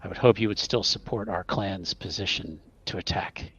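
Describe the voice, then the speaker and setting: A man's voice: low voice, moderate pace, a bit bright, slightly rough, full character voice. A man voicing a proud male vampire noble in a tabletop game, speaking in an earnest, formal way. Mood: pleading. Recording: dull lo-fi recording.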